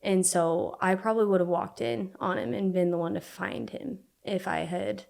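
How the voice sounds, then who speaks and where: A young woman from Utah speaks as a podcast guest, telling her story conversationally. She talks in halting bursts, leaning on "like" again and again. Her pitch sits in an ordinary middle range. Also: fairly even intonation, vocal fry, a little mellow. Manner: halting, filler-heavy speech with frequent "like".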